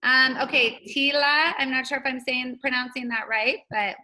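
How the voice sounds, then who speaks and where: A woman's voice: high-pitched, steady tone, moderate pace, pushed and bright, rough recording. A woman hosting a casual team video call, chatty and upbeat, laughing often.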